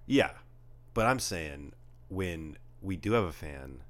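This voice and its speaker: A man co-hosting a podcast from his beachside apartment, chatting casually in a rambling, deadpan way. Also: low-pitched, slow pace, a little hiss or hum. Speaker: podcast co-host. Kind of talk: casual chat.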